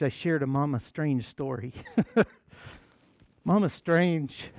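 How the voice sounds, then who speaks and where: A man's voice: fairly high pitch, darkish tone, no echo, clean studio sound. A man from the United States preaching a sermon as pastor, telling a story with chuckling asides.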